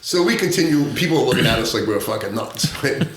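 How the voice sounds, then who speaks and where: A man's voice: medium pitch, expressive, fast, reverberant, slight background noise. A man telling a long undercover story in casual podcast talk, acting out the voices of the people in it, laughing often and swearing. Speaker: podcast guest, former narcotics agent.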